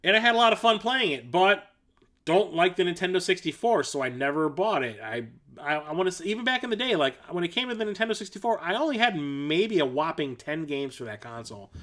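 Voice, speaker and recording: Showing his game collection on a relaxed livestream, a man talks fairly quickly in a high-pitched, expressive, slightly bright voice. He rambles with enthusiasm, correcting himself, using fillers and tossing in blunt, mildly profane comments.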